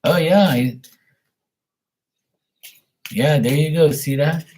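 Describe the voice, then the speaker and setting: Speaking slowly in a darkish voice on the high side, a forties-aged man chats casually while answering paid questions on his stream. He tells meandering stories and swears a lot.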